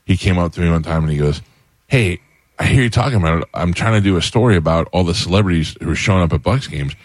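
A middle-aged man with a very deep voice tells stories in casual chat and gets animated as he goes. His pitch leaps up when he gets excited. The sound is dry and close. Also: fast talker, no echo. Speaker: guest, former sports reporter.

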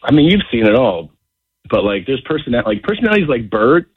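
A man's voice: mid-range voice, fairly quick, a little hiss or hum. A man guesting on a radio show, chatting casually and telling joking stories in a radio studio. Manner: animated storyteller, joking. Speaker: comedian guest. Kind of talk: casual radio interview chat. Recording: slightly dull radio audio.

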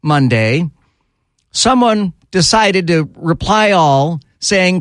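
A male talk radio host bantering casually in a studio speaks slowly in a slightly high voice. When something annoys him he becomes animated and exasperated, his pitch leaping way up, and the recording is close and dry.

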